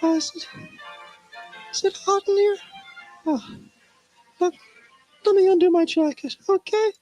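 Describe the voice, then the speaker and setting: A woman doing a shrill flirty dame. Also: a little slow, mellow, soft background music, low-quality recording. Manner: sing-song sweet talk, slangy.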